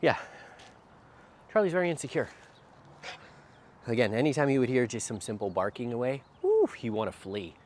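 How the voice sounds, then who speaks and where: A man's voice: mid-range voice, huge pitch swings, normal speed, long pauses, a little mellow. A man working as a dog trainer, explaining while he walks a dog outdoors, with a habit of asking "right?" after short phrases. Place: outdoors by a street. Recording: faint outdoor noise.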